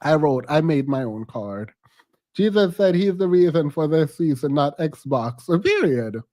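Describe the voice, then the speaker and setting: Guy with a high voice doing reaction commentary, sarcastic, keeps laughing. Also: animated, a little slow, warm tone. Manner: sarcastic, incredulous, laughs often. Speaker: host.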